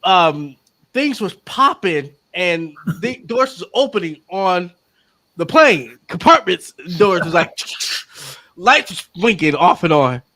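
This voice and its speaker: A woman's voice: on the low side, slow. A woman podcast guest who tells a story with energy, acting out the voices of the people in it. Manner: acts out quotes, lively and exclamatory. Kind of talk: animated storytelling.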